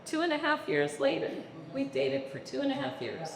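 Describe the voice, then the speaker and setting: A middle-aged woman with a high, creaky voice tells stories at normal speed as an interview guest in a live onstage conversation, animatedly acting out the voices of people she quotes. The echoey hall gives long reverb, with background noise.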